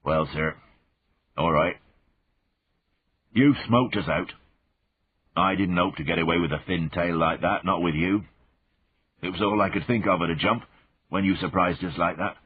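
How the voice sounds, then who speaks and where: A deep-voiced man playing a hulking soldier caught spying, placating and careful, forever sir-ing and my-lord-ing his questioner. The voice is low and husky, coming through a narrow, phone-like band. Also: normal speed, long pauses. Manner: respectful, placating, addresses listener as sir and lord. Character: big burly male soldier turned spy, wary, deferential.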